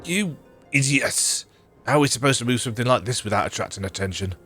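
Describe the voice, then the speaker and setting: A man voicing a gruff, irritable male bandit boss who scolds his men. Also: lowish voice, normal speed, faint music behind, natural voice. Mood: irritated.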